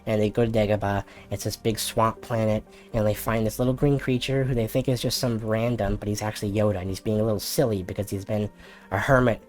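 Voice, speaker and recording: A man hosting a casual comedic recap. He rambles through the story with jokes and quick character voices. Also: lowish voice, steady tone, soft background music. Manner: rambling, jokey, quick impressions. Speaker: host.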